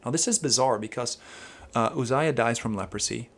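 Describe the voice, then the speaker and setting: Man, gravelly low-key timbre, Bible teacher on a casual podcast, wanders and circles back. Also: a little fast. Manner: rambling, animated explainer who quotes Hebrew.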